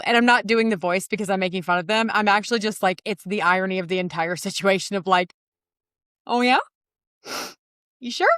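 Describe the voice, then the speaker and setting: A woman's voice: a little high, a bit bright, no echo. Middle-aged woman rambling on her podcast, swears a lot, laughs a ton, voice jumps all over, dry close mic. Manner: candid, swearing, laughing often. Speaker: podcast host. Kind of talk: casual confessional monologue.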